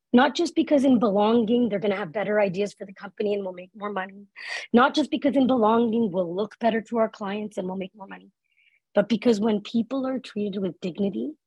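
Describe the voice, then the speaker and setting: Gravelly, husky woman giving an earnest talk. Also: medium pitch, darkish tone, no echo, rough recording. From Canada. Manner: earnest, conversational, frequent "like" and "right?". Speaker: speaker on workplace inclusion. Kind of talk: live talk with a personal story.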